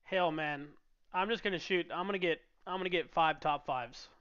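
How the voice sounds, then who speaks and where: Male podcast guest, slightly high, smooth voice, dull lo-fi call audio. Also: normal speed. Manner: relaxed, self-deprecating, joking. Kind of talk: casual chat.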